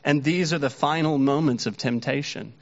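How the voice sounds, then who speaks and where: A man's voice: fairly high pitch, normal speed, lo-fi sound. A man preaching a sermon earnestly, his voice rising when he quotes the mockers. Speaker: pastor.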